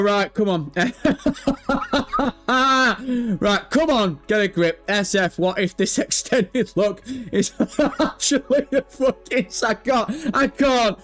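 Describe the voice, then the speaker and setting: Male streamer, higher-pitched, swears a lot and laughs through his chat, light music underneath. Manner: sweary, cracking up with helpless laughter. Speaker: gaming news livestreamer. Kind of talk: casual livestream chat.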